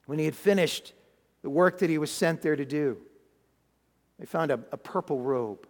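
A man's voice: fairly high pitch, moderate pace, long reverb tail. A man preaching a sermon, retelling a Bible story with dramatic emphasis and frequent restarts. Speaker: pastor.

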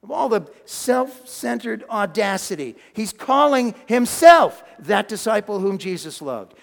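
A male pastor preaching a sermon, animated, with loud exclamations and hushed quiet lines. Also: high voice, measured pace, vocal fry, hardly any pauses, long reverb tail.

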